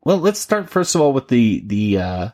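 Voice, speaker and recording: A man's voice: medium pitch, very animated, normal speed, a little mellow. A man hosting a podcast in casual chat, chatty and laughing often, with frequent restarts. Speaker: podcast host.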